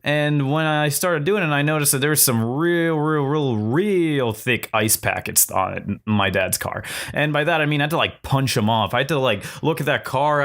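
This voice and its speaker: A young man from Virginia telling a profane, self-mocking storytime, switching into animated voices for the people in it. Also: mid-range voice, normal speed, few pauses. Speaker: storytelling vlogger. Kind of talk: casual storytime monologue.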